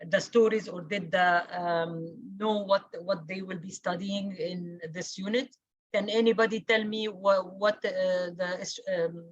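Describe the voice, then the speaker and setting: Slow, emphatic woman teacher. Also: mid-range voice, no echo, highs cut off. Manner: emphatic, repeats key words, many fillers. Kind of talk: online class lecture.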